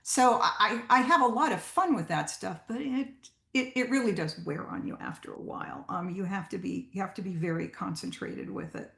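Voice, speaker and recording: A woman's voice: mid-range voice, animated, moderate pace, gravelly, a bit bright. A woman voice actor giving a chatty, informal talk to a writers group, with many fillers and restarts. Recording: roomy echo.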